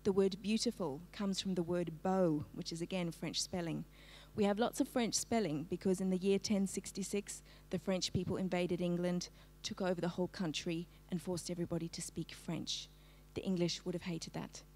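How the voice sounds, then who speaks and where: A middle-aged woman giving a lively, engaging literacy presentation to parents, asking her audience for a show of hands. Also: on the low side, normal speed, few pauses. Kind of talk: live-streamed talk to parents.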